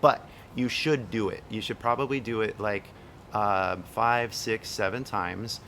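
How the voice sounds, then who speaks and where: A man's voice: fairly low pitch, fairly even intonation, a little slow, a bit bright, slight background noise. A young man coaching an actress on her accent, talking loosely with lots of "like" and "right?" and the odd swear word. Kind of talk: casual one-on-one coaching.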